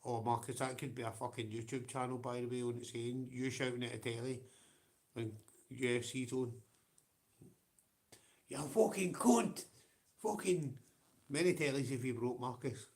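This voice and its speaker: A Scottish man hosting a late-night livestream, talking loosely and swearing at nearly every turn. His voice sits at a middling pitch for a man. He rambles from topic to topic and laughs often. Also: flat delivery, fairly quick. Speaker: livestream host. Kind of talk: casual chat with viewers.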